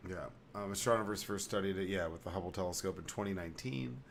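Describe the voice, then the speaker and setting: A man's voice: deep voice, fast, vocal fry, slight background noise. A man hosting a casual podcast, rambling playfully and reading an article aloud with stumbles. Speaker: podcast host.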